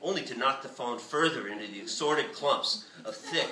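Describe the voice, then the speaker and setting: Lively man reading in an echoey bookstore. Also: mid-range voice, normal speed, far from the mic, crowd noise. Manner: lively, expressive reading with shouted character lines. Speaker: author. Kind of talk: reading a novel aloud.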